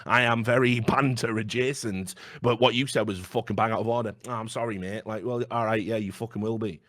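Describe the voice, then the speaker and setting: A man's voice: fairly low pitch, fairly quick, dry recording. Blunt sweary man, dry sound. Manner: blunt, sweary, animated storytelling. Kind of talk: casual chat.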